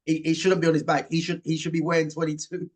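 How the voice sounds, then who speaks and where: Higher-pitched man hosting football chat. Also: level tone, fast. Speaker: host.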